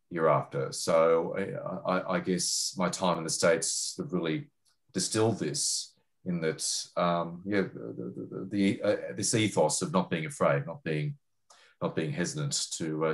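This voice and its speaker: A man with an Australian accent and a deep, low-pitched voice answers questions in an interview. He speaks haltingly, stopping to restart his sentences and fill pauses with ums and uhs. He sounds middle-aged, a journalist talking about his reporting. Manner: hesitant, many fillers and restarts. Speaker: journalist and foreign correspondent.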